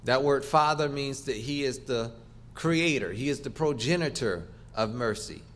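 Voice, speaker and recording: A man's voice: medium pitch, animated, normal speed, a bit bright. Man preaching an emphatic sermon. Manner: emphatic, rhythmic preaching with repetition.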